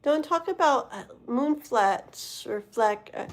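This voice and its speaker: A woman's voice: high voice, animated, slow. A woman reading tarot on a live stream, talking loosely and conversationally. She rambles through her thoughts, leans hard on fillers like "like" and "um," and addresses her viewers directly. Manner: rambling, filler-heavy, casual. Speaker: tarot reader.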